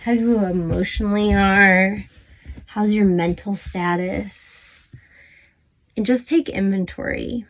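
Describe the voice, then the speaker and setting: A woman instructor gently guiding a stretching class, talking close to the camera from a small closet. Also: mid-range voice, takes it slowly. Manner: calm, encouraging cues with fillers. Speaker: fitness instructor.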